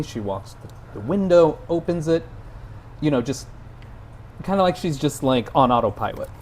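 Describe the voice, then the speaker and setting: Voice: medium pitch, darkish tone, slight background noise. A film podcast co-host chatting casually, searching for words with lots of fillers and restarts. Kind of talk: casual chat.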